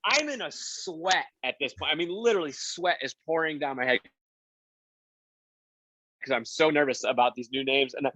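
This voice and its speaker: Guest spot: man with a forceful bright voice, lively anecdote-teller, dry dull podcast sound. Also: moderate pace, no room sound. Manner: animated anecdote-telling, acts out quotes with big pitch jumps. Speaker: producer and game show host, guest. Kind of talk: casual podcast storytelling.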